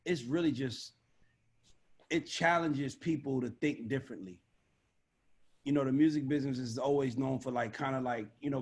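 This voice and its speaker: A man speaking on a video call as an A&R panelist, blunt, profane and animated in a casual panel discussion. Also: medium pitch, vocal fry, slightly rough. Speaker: record label A&R panelist.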